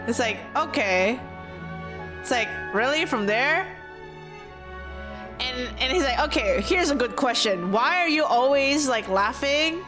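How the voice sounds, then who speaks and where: A woman streaming a game, reacting excitably and translating the scenes out loud in a casual way. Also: on the high side. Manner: excitable, loud exclamations, giggly.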